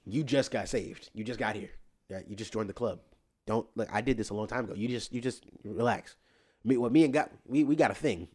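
A young man hosting a casual podcast, ranting animatedly and getting loud when worked up, then settling low and quiet to tell a story. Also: brisk, breathy edge. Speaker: podcast host.

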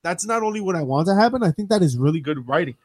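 A man co-hosting a casual wrestling podcast, talking excitedly and swearing as he spins theories. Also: sits high, rapid-fire, slightly rough, dry recording. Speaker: podcast co-host. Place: small studio.

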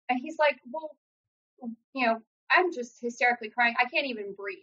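A young adult woman telling a painful personal story in an earnest, halting way, acting out what others said. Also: sits high, sharp tone. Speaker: guest sharing personal story. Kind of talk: emotional personal account. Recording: dull lo-fi sound.

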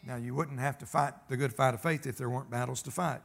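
A man's voice: medium pitch, steady tone, fast, gravelly, fairly bright tone. A man preaching a sermon, folksy and emphatic, telling stories and calling for amens. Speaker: pastor.

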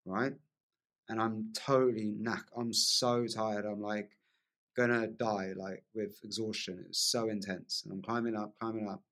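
A man's voice: on the low side, fairly bright tone. A man, a podcast guest, vividly telling a personal story in casual conversation, laughing often and leaning on lots of "like" fillers.

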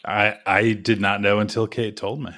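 A man co-hosting a podcast in casual chat, rambling through a hurried summary with lots of ums and self-mocking jokes. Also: lowish voice, little pitch movement, a bit bright, dry recording. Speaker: podcast co-host.

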